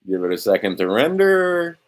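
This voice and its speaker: A man's voice: mid-range voice, very animated, normal speed. A man hosting a livestream, rambling casually and bluntly, sometimes swearing and talking to himself as he scrolls through documents. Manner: meandering, talks to himself while scrolling documents. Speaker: livestream host.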